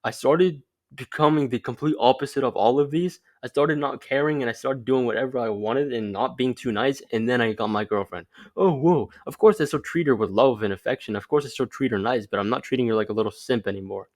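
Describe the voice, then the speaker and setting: A young man talks through his dating advice in a loose, offhand way, dropping "like" between phrases as he goes. His voice sits at an ordinary middle pitch, and he speaks the way you would with a friend. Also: brisk. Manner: rambling, loose, lots of "like" fillers. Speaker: vlogger. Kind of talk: casual advice monologue.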